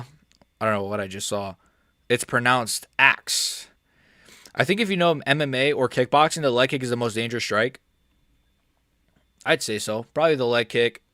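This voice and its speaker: A man's voice: mid-range voice, pushed and bright, no room sound, clean studio sound. Rambling, joking guy on a stream. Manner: rambling, crude joking, trails off. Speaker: MMA streamer. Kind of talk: casual livestream chat.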